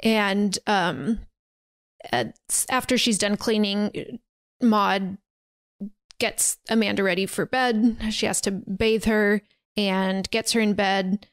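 A woman's voice: mid-range voice, steady tone, slow pace, smooth, no room sound. A woman hosting a podcast, casually retelling a horror film's plot in a chatty way with many fillers and restarts. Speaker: podcast host. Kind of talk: casual movie recap.

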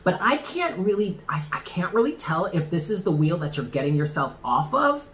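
A man giving a casual tarot reading to the camera, talking in an animated, slangy way with swearing and laughs. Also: high voice, moderate pace. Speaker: tarot reader.

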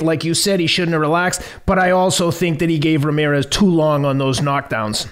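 A young man co-hosting a boxing podcast, talking in a quick, chatty way. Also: a little high, steady tone, clean tone. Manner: quick, chatty, laughs easily. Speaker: podcast co-host. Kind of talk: casual sports talk.

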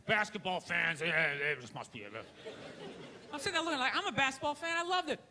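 Guy doing stand-up, loud sarcastic rant, voice pushed way up high, crowd roaring and noisy room. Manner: loud ranting sarcastic delivery. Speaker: stand-up comedian. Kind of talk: stand-up set. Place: theater stage. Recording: live show with crowd laughter and noise. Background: audience laughter.

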